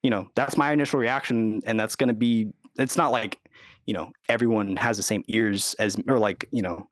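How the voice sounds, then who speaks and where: A man's voice: lowish voice, fairly even intonation, normal speed, no room sound, clean studio sound. A man talking casually as a podcast guest, rambling with lots of fillers and quoting others. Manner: rambling, full of "like" and "you know", acts out quotes. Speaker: recording engineer and producer, guest. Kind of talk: casual interview talk.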